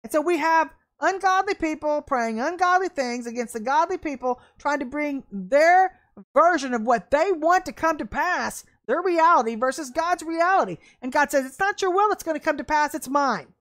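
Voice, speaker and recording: A woman with a high voice preaching an online sermon. She speaks fervently and bluntly, with a folksy, emphatic delivery and bursts of excitement. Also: normal speed. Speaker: ministry leader and preacher.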